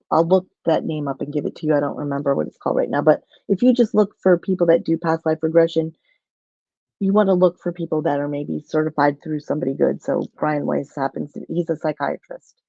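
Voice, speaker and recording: A woman's voice: deep voice, level tone, normal speed, creaky, warm tone, no echo, lo-fi sound. A woman telling a personal story in a rambling way, with many restarts, on a video call. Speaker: guest.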